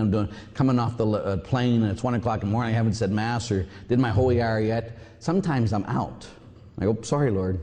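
A man preaching in a big space whose reverb trails after every phrase. His voice is mellow and low in brightness, yet he swings his pitch widely as he tells stories and acts out little voices. It sounds like a Catholic priest's sermon. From Pittsburgh area. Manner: animated storytelling, acts out voices. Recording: long hall reverb.

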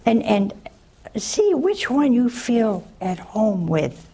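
Nun on a call-in show, slow and gravelly, folksy storyteller who chuckles a lot. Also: female voice, on the high side, big pitch swings, warm tone. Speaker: religious sister answering callers.

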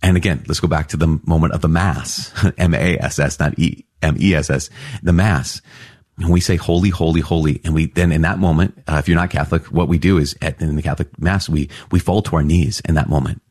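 Male preacher, very low husky voice, enthusiastic teaching delivery, dry close mic. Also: brisk, dry recording. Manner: enthusiastic, exclamatory, animated. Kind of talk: scripture reflection.

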